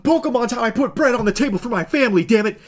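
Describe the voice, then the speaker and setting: A man's voice: very high-pitched, lively intonation, very fast, voice pushed up. A man doing a mocking impression of a self-pitying, indignant male streamer who sells cards. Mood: mocking rant.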